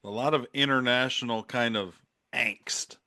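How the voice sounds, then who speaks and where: A man's voice: mid-range voice, unhurried, sharp tone, no room sound, clean studio sound. A middle-aged man hosting a political podcast, chatting casually with a wry, sarcastic edge and frequent laughs. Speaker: podcast host. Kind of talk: casual opinionated chat.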